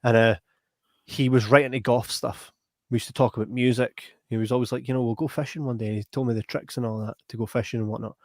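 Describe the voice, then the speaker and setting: A man's voice: mid-range voice, quick pace, no room sound, clean studio sound. A young Scottish man hosting a podcast, telling a long story in a casual, rambling way and often tagging on "right?". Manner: animated, rambling, repeats "right?". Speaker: podcast host.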